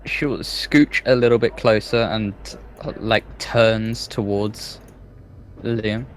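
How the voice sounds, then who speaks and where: A man narrating his character's actions in a tabletop game, speaking in a halting, hesitant way. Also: fairly low pitch, steady tone, a little hiss or hum. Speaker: player.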